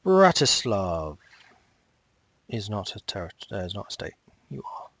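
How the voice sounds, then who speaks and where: Low-voiced man muttering through a strategy game. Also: brisk, gravelly, bright, forceful tone, slightly rough. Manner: muttering to himself, talking at the game. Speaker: strategy game let's player. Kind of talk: casual gameplay commentary.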